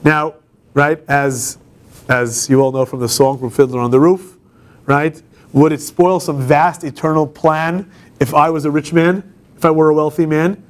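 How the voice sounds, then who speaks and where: A man's voice: fairly high pitch, steady tone, measured pace. A man, a campus rabbi, giving an informal classroom lecture, talking conversationally and putting questions to the class. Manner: conversational, asks the class questions, frequent restarts. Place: law school classroom.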